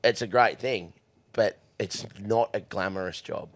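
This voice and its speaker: A man's voice: lowish voice, measured pace, no echo. A young Australian man, a horse trainer, telling crude stories with lots of swearing and laughter in a casual podcast chat.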